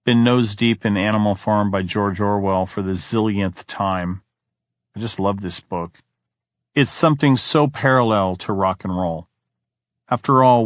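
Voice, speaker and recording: A man's voice: lowish voice, dry recording, clean studio sound. A man narrating an audiobook, reading diary entries in a weary, brooding first-person tone.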